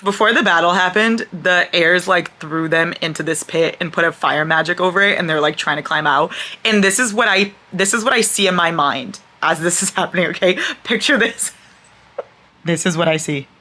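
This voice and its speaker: A young adult woman chatting casually in a reading vlog, excitable and gushing, laughing often and swearing freely. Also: lowish voice, moderate pace. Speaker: book vlogger.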